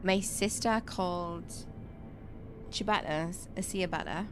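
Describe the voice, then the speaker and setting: A woman's voice: on the low side, takes it slowly. A woman streaming a survival game, telling shop stories in chatty casual talk full of fillers and restarts. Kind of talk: casual chat while gaming. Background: game music.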